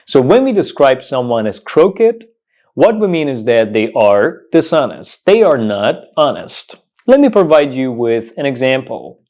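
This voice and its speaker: A man teaching English pronunciation, saying each word slowly and clearly and repeating it several times. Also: on the high side, sing-song, darkish tone. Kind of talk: pronunciation lesson.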